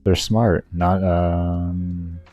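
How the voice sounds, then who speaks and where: A young man streaming a video game, chatting with viewers and swearing loudly at himself when he slips up. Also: sits low, drawn-out words, no room sound, muffled recording. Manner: swears heavily, rants and berates himself when frustrated; chats with viewers in a relaxed, rambling way. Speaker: gaming streamer. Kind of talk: casual live-stream chat while gaming.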